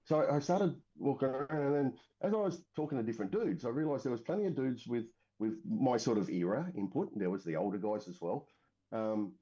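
A military veteran from Western Australia, speaking with an Australian accent in a medium-pitched, dark voice, casually tells a long story in an interview. He rambles, with frequent fillers and restarts. The audio is lo-fi and dull.

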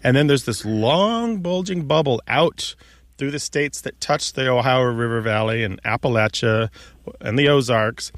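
A man's voice: mid-range voice, a little slow, dry recording. A man co-hosting a radio talk show, patiently explaining how words are used. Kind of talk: casual explanatory radio chat. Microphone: studio microphone.

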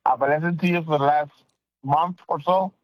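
A man's voice: fairly high pitch, steady tone, fairly quick, no echo, lo-fi sound. A man calling in to a radio show, polite and a little hesitant as he asks his question. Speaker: caller. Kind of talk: phone-in question.

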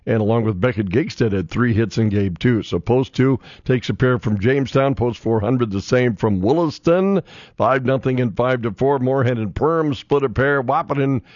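A middle-aged radio sports host, reading scores in a loose, chatty way. His voice is a steady mid-range tone. It sounds dull and close, as if from a dry studio mic. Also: mid-range voice, normal speed, dry recording. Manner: loose and chatty, with frequent "uh" fillers as he reels off scores. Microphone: studio microphone.

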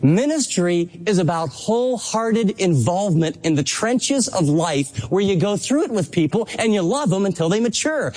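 Male preacher, high voice, impassioned sermon, emphatic delivery. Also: darkish tone. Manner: impassioned, emphatic preaching with rising pitch on exhortations. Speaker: pastor.

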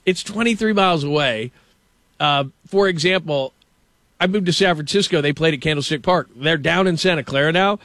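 A man hosting a casual sports talk show, ranting with animated stammers about a team's stadium. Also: a little high, fairly quick, dry recording. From Los Angeles. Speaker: show host.

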